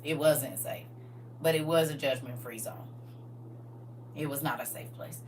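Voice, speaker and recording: A woman of about forty telling stories from her past in a casual, animated way, full of slang and laughter. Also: very deep voice, a little slow, recorded from a distance, background noise. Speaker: livestream co-host. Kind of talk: casual storytelling chat.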